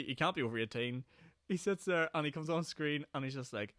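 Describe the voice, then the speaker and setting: A young Northern Irish man hosting his own podcast, talking fast and rambling from one thing to the next with frequent laughs. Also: fairly high pitch, animated, a bit bright, no echo, clean studio sound. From Northern Ireland. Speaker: podcast host. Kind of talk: casual solo podcast chat. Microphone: podcast microphone.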